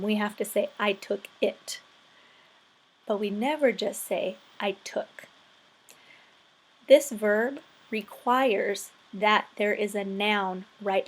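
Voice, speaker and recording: A woman teaching English vocabulary and grammar in a screen-recorded tutorial, explaining patiently step by step. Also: medium pitch.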